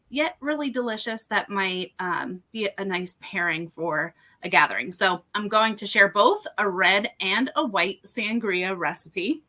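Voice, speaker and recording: A woman's voice: medium pitch, sharp tone. A woman presenting on a casual live podcast over a video call, chatty and upbeat with lots of ums, sounding a little out of breath. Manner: chatty, upbeat, many ums and you-knows. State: slightly out of breath. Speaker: wine seller and fundraiser co-host.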